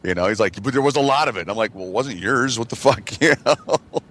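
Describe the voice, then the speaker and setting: A man's voice: mid-range voice, expressive, quick pace, a bit bright. A man telling a crude, slangy story with constant swearing on a casual podcast. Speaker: podcast co-host.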